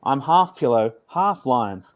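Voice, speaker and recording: A man's voice: medium pitch, big pitch swings, slow. A man voicing a cheeky, joking male pillow lion in a storybook reading. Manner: playful, joking.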